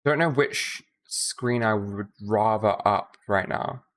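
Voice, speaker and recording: A woman's voice: very deep voice, takes it slowly. Chatty, profane woman streamer. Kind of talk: casual live-stream chat.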